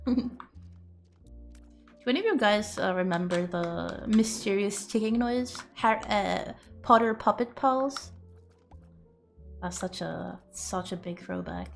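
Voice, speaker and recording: A woman's voice: mid-range voice, slow pace, gravelly, long pauses, soft background music. A woman streamer chatting casually and playfully with her viewers, rambling and joking crudely.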